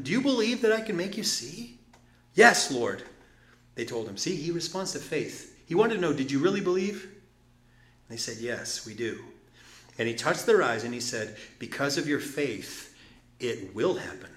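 Animated preacher in an echoey church. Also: male voice, a little high, normal speed. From Detroit. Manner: animated, swings from loud exclamations to soft asides. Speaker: pastor. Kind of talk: sermon. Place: church sanctuary. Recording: echoey room.

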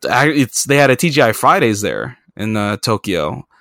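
A man's voice: on the low side, big pitch swings, normal speed, gravelly, fairly bright tone, dry recording, clean studio sound. A man hosting a podcast, telling travel stories in a rambling, profane, self-mocking way. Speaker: podcast host. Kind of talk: casual storytelling chat.

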